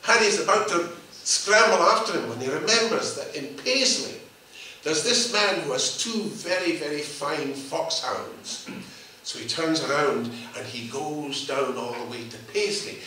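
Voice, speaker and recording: A man telling a folk tale out loud, lively and animated. His voice is a touch high and bright. He sits well back from the mic in an echoing room with a faint hum of ambience. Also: a little slow. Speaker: storyteller. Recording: echoey room, mic far off.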